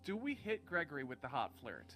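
Jokey man with a lively bright voice. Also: fairly high pitch, a little fast, soft background music. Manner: jokey and playful. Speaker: co-streamer playing a game. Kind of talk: casual let's-play chat.

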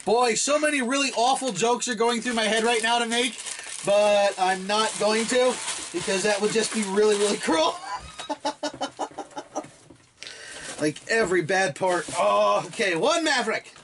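A man chatting casually while unboxing a gift, rambling and excitable, often laughing. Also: high-pitched, unhurried, long pauses, a little hiss or hum. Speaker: toy blaster hobbyist unboxing a gift.

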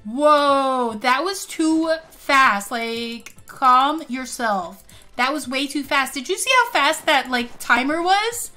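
A young woman doing excitable casual let's play commentary, gasping and saying like a lot. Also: sits high, slow pace, faint music behind. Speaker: gaming YouTuber.

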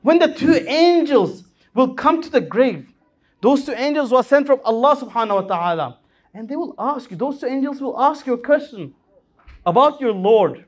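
Male preacher at a lectern mic, fervent sermon voice that swoops high and low. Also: animated, normal speed. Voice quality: impassioned, rising and falling delivery. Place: Islamic center hall.

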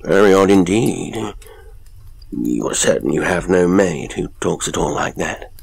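A man voicing a skeptical priest who answers calmly and with gentle obstinacy. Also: sits low, unhurried, gravelly, husky, no echo, full character voice. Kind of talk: audiobook character voice.

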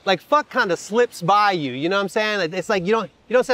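A rapper and songwriter talking casually while working out a song, loose, rambling and profane, laughing often. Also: male voice, high voice, expressive, quick pace, few pauses, fairly bright tone, dry recording. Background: his own acoustic guitar playing.

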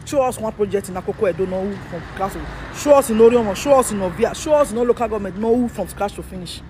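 Edo vlogger, man, Nigerian Pidgin accent; quick, heated commentary with pointed rhetorical questions; faint traffic noise behind. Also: sits high, darkish tone. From Edo State, Nigeria. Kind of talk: political commentary rant.

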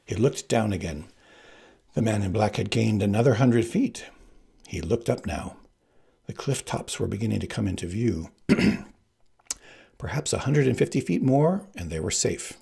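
A man reading a novel aloud in an expressive, animated way. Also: on the low side, moderate pace, gravelly, long pauses, husky. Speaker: reader. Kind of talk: audiobook narration.

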